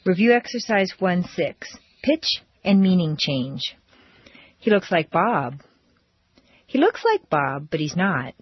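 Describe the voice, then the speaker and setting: A woman teaching pronunciation drills, speaking slowly and deliberately with exaggerated intonation. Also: lowish voice, big pitch swings, husky, no echo. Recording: dull dry lo-fi recording.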